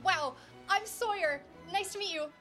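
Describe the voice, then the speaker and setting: A woman voicing a peppy, chatty teenage girl student in a tabletop role-play, eager and quick. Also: extremely high pitch, sharp tone, soft background music. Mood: excited. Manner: bubbly, eager, rapid.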